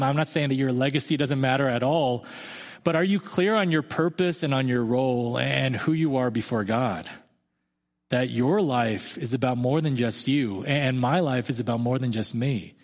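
Conversational pastor in a reverberant hall. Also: male voice, medium pitch. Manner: conversational, self-deprecating storytelling. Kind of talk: sermon.

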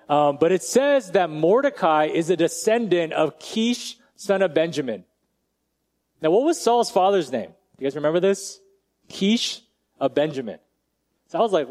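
Casual, slightly high-voiced male pastor. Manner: casual and direct, drops to quiet, slow emphasis. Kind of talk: conversational sermon.

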